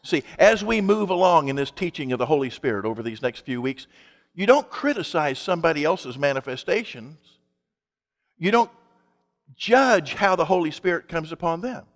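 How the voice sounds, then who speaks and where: A man's voice: a little high, very animated, moderate pace, big-room sound. A male pastor preaching a sermon in an emphatic, conversational way, asking his congregation rhetorical questions.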